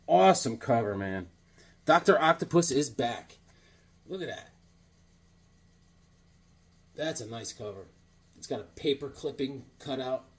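A man's voice: medium pitch, lively intonation, measured pace, long pauses, husky. A man showing off his comic book collection in a rambling, joking way, often acting out little conversations in silly voices. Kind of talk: casual comic collection show-and-tell.

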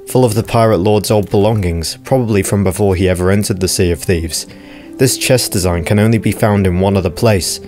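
A man's voice: lowish voice, a little mellow. A man narrating game lore in a casual scripted way, with wry, joking asides.

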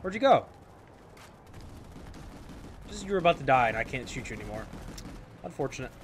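A man's voice: medium pitch, big pitch swings, a little fast, a little hiss or hum. A man giving casual, jokey commentary over his own gameplay, talking to his viewers, repeating phrases and swearing when things go wrong. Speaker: gameplay streamer.

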